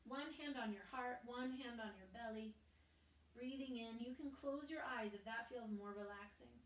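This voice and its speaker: A woman teaching a gentle family yoga class, calmly cueing breaths and poses and adding playful asides for children. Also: on the high side, normal speed. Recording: roomy echo, mic at a distance.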